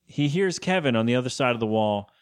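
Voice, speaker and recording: A man's voice: medium pitch, lively intonation, quick pace, clear, resonant tone. A young man co-hosting a podcast, rambling through a TV episode recap and acting out the characters' lines in put-on voices. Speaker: podcast co-host. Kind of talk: casual chat recapping a TV episode.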